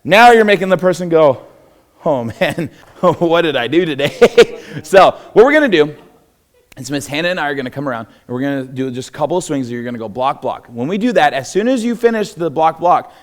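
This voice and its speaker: A man's voice: fairly high pitch, expressive, fast. A young man with a Texan accent teaching a self-defense class in a church hall, upbeat and encouraging, laughing often. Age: young adult. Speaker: martial arts instructor.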